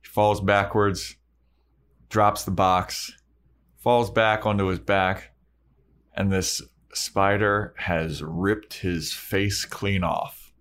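Podcast co-host, male, low voice, chatty plot recapper who acts out bits. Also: steady tone, fairly bright tone. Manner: storytelling, acting out lines in quick snippets. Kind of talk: casual chat recapping an episode.

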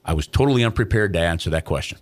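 A middle-aged man telling a story as an interview guest, in a casual and animated way, acting out other people's lines. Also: sits low, rapid-fire.

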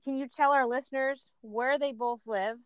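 A woman's voice: sits high, fairly even intonation, moderate pace, fairly bright tone, smooth, dry recording. A woman co-hosting a podcast, asking curious questions and teasing her co-host in casual chat.

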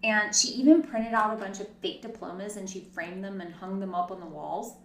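A woman co-hosting a casual true-crime podcast, telling the story in an animated way with sarcastic asides. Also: medium pitch, brisk. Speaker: podcast co-host. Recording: roomy, distant mic.

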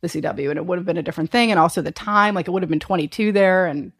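Speaking rapid-fire, this thirtysomething guest recounts a lively story in relaxed conversation. She imitates the quoted lines and laughs, her pitch on the lower side.

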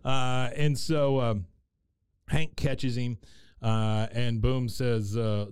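Host, male, smooth clear voice, easygoing recap, lots of "uh"s. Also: medium pitch, little pitch movement, very slow, darkish tone, dry recording. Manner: meandering, filler-heavy storytelling. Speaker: podcast host. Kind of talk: casual episode recap chat.

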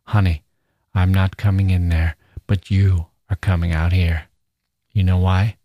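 A man reading a story voicing a menacing young man who talks softly and coaxingly, with a slow drawl. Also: low voice, flat delivery, no room sound, clean studio sound.

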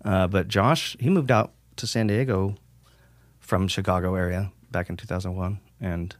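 With a deep voice at normal speed, a male metal singer chats as a podcast guest, rambling casually, swearing freely, and acting out things people said. The recording has no room sound.

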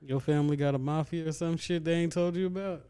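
A man's voice: a little high, steady tone, fast, mellow, smooth, no room sound, studio quality. A man on a podcast as a guest, laid-back in casual chat and chiming in with short remarks.

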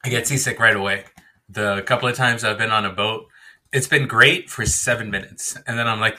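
A man in his thirties chats loosely on a podcast, rambling and self-deprecating as he circles his point. His voice sits a little low but rings very bright and forceful. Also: fairly quick. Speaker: podcast co-host. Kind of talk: casual chat.

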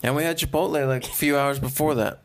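A man's voice: mid-range voice, steady tone, quick pace. A young man co-hosting a casual podcast, laid-back and teasing. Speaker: podcast co-host. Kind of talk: casual chat.

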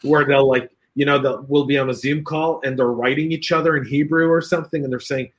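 A man's voice: medium pitch, steady tone, fairly quick, hardly any pauses, a little hiss or hum. A man hosting a casual cybersecurity panel chat, reading out comments, joking and laughing often, with lots of fillers.

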